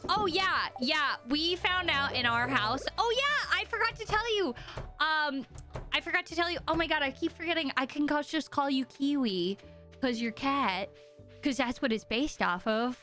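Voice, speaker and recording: A woman's voice: high voice, animated, moderate pace, sharp tone, soft background music. A young American woman streaming a game, chatting in a rambling, giggly, self-deprecating way. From United States. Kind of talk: casual chat with viewers while gaming.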